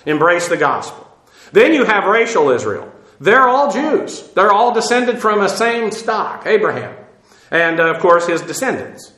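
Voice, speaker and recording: A man with a high, bright voice teaches through a Bible passage, pausing on Greek terms and spelling them letter by letter. He talks with frequent "uh" fillers and restarts. His voice rings in an echoey room. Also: big pitch swings.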